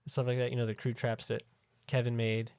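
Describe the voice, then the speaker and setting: A man's voice: mid-range voice, monotone, quick pace, a little mellow, clear, resonant tone, no room sound. Joking man on a dry podcast mic. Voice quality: crude, joking. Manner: laughs often. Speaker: podcast co-host. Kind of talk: casual chat.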